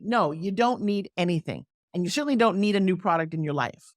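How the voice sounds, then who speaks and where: A middle-aged woman talks in an animated, salesy way, coaching on pitching and acting out little quoted scenes. Her voice sits at an ordinary middle pitch and is recorded close and dry, with no room sound. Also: fast, hardly any pauses, no echo. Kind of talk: energetic interview talk with live product pitch.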